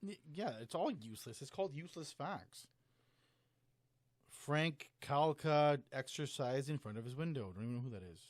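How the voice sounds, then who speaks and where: A man's voice: on the high side, animated, moderate pace, no echo. A man co-hosts a rambling podcast with his buddies, his voice sitting slightly above the usual male range. He laughs a lot, swears freely and skips from one thought to the next, recorded close with almost no room sound. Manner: laughs often, swears, jumps between topics. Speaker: podcast co-host. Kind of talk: casual drunken chat.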